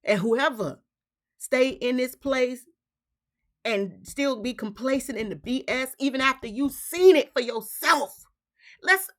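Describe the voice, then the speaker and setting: A woman's voice: high voice, lively intonation, unhurried. A woman hosting her own spiritual vlog, talking in a fiery, emphatic way and firing off rhetorical questions in casual slang. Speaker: vlog host. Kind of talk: impassioned spiritual vlog monologue.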